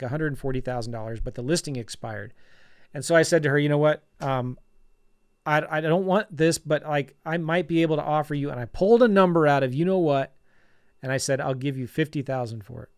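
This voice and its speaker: A man, a real estate educator, telling a story to camera in an animated, self-mocking way, with many restarts. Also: a little high, fairly quick.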